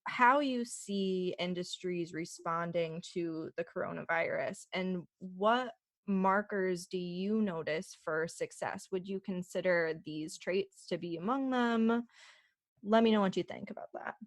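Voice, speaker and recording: A woman's voice: fairly low pitch, measured pace, no room sound. A woman hosting a podcast interview, upbeat and laughing along as she asks her questions. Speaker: podcast host. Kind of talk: casual interview conversation.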